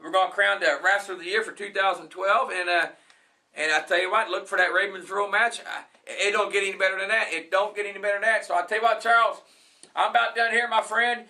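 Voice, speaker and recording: A man's voice: high voice, steady tone, quick pace, sharp tone. A man hosting a wrestling talk show, rambling and repeating himself as he promotes the event. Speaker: host.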